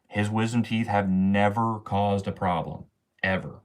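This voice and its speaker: A man's voice: on the low side, unhurried. A young man chatting casually on a livestream, ranting in slang and swearing often while he answers his chat.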